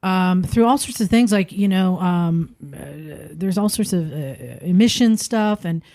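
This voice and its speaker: A woman's voice: mid-range voice, unhurried, warm tone, no room sound. A woman hosting a podcast, steering the chat along and hesitating with fillers as she thinks. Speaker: podcast host. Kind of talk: casual chat.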